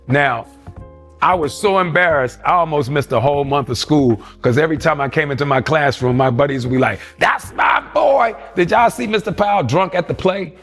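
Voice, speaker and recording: Older man, animated storyteller. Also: mid-range voice. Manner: animated storyteller who acts out quoted voices. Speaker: interview guest. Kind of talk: storytelling interview.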